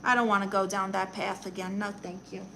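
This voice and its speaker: A woman with a mid-range, sharp-toned voice speaks a little fast with little pitch movement. She's chatty, improvising as a blunt, brash aunt and self-styled therapist who colors and reads the chat during a live stream, with slight background noise.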